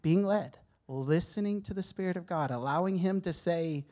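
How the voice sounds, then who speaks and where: A man with a high, dark voice, speaking at normal speed, gives a church a candid testimony that feels like a conversational sermon. At moments he grows emotional, and he regularly stops to restart his sentences.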